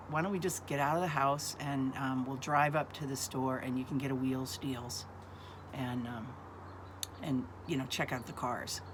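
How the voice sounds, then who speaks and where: Halting older woman telling a family story. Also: low voice, noisy background. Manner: halting, with many ums and uhs. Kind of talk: casual personal storytelling.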